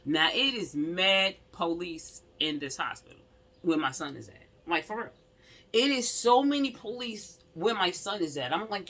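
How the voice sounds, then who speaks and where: Husky, lively woman telling a story. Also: on the low side, moderate pace. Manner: emphatic, rambling, lots of asides to the audience. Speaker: vlogger telling a personal story. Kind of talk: casual storytelling to viewers.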